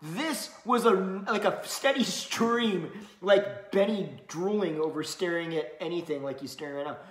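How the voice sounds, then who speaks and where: A man telling a story in casual chat, animated, laughing often and swearing. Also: sits high, normal speed. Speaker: co-host. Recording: roomy echo.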